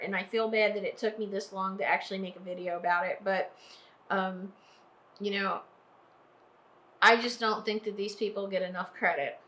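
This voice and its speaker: A woman from New Jersey giving a heartfelt vlog monologue, slow and earnest, repeating phrases for emphasis, tearful and emotional. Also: medium pitch, fairly even intonation, fairly bright tone, reverberant. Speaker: trucking vlogger.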